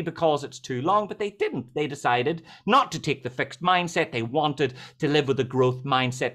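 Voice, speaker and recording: A man giving a motivational talk on a video call, telling stories with lively jokes. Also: a little high. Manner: lively, joking storyteller. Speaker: speaker.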